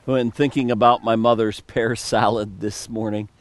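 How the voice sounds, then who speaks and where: A man's voice: on the low side, little pitch movement, moderate pace, dry recording. A male pastor preaching a sermon, reading scripture and then retelling it with playful storytelling asides.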